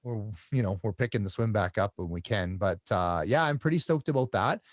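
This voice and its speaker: Lively, low-voiced man. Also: dry recording, studio quality. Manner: halting, repeats words, restarts often. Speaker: guest. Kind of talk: casual interview storytelling.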